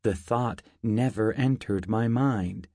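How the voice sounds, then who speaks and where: A man narrating a first-person fantasy story in a measured, unhurried audiobook reading. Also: fairly low pitch, darkish tone, no echo, studio quality.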